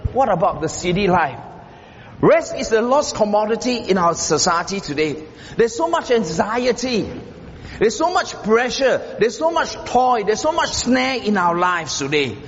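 A man preaching a sermon as pastor, emphatic and repetitive, swinging from loud stressed phrases to low murmurs. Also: big pitch swings, moderate pace. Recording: dull roomy hall sound with faint background noise.

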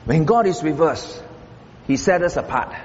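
A male pastor gives a sermon at a moderate pace in a high, lively voice that climbs on stressed phrases and falls to a murmur, repeating key lines for emphasis. The audio sounds dull, with a long hall echo over faint noise.

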